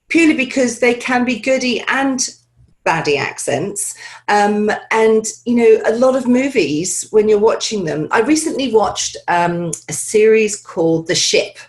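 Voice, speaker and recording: A woman voice actor talking casually in an interview, chatty and animated, with many fillers and restarts. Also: medium pitch. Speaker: voice actor guest.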